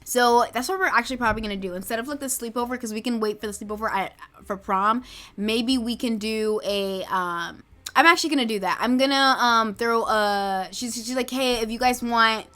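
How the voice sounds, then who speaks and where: A woman's voice: a little high, fairly quick, pushed and bright. A young woman from the United States casually narrating a life-simulation game story, chatting and slipping into quoted lines for her characters. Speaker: Sims let's play creator.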